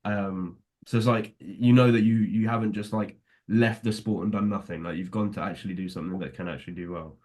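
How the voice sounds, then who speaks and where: A man's voice: lowish voice, fairly even intonation, a little fast, few pauses, darkish tone. A young man co-hosting a podcast, chatting in an easygoing, reflective way. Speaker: podcast co-host. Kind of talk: casual chat.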